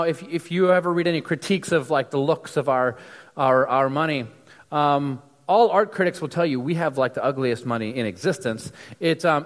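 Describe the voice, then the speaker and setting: Casual male preacher from the United States, slightly high voice, chatty and halting, recorded in a reverberant hall. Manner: conversational, many fillers and restarts. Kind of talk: casual sermon.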